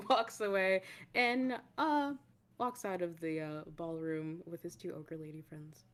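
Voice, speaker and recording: A woman narrating as game master of a tabletop game, halting often with fillers. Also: on the low side, steady tone.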